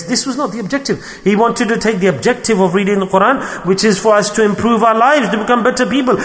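A man's voice: high-pitched, fairly bright tone. A man delivering an earnest religious sermon, telling stories to make his points. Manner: earnest storytelling with frequent religious terms. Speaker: preacher. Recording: long hall reverb.

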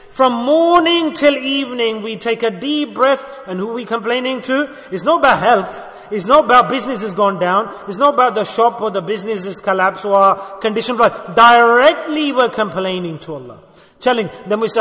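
High, bright-voiced man preaching in a hall. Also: lively intonation, normal speed. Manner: emotive, rising to impassioned exhortation, quotes characters dramatically. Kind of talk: sermon storytelling.

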